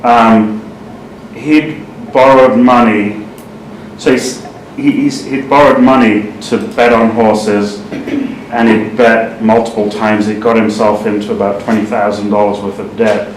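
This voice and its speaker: A lower-voiced man tells a story steadily, pausing often with "um". He sounds distant from the mic in an echoey room, with light noise behind him. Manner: steady storyteller, many ums.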